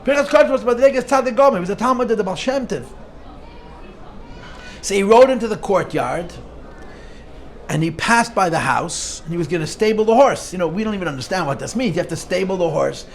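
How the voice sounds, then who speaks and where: High-voiced rabbi telling stories. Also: male voice, brisk, a little hiss or hum. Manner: animated storyteller, frequent restarts, sprinkles Yiddish and Hebrew terms. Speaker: rabbi teaching a class. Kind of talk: informal Torah lesson with storytelling.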